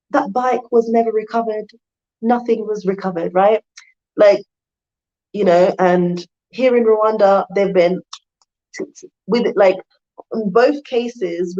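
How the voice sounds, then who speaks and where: A woman's voice: medium pitch, darkish tone. A woman in her thirties, from the UK, talks loosely to her viewers on a live stream, laughing easily and answering their comments as they come in. Her voice sits mid-range for a woman. The stream audio is a little dull and lo-fi. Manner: chatty, laughs often, reads out viewer comments. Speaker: vlogger hosting a live stream. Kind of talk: casual live-stream chat.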